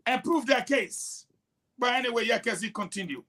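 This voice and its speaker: A man's voice: very high voice, lively intonation, moderate pace, pushed and bright. A man with a Liberian English accent hosting a political talk show, delivering heated, scolding commentary with rhetorical challenges.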